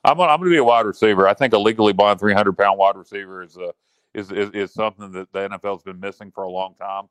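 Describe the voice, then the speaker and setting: A man's voice: on the low side, very fast, clear, resonant tone, no echo. A man co-hosting a casual sports chat show, joking and self-mocking. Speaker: podcast co-host.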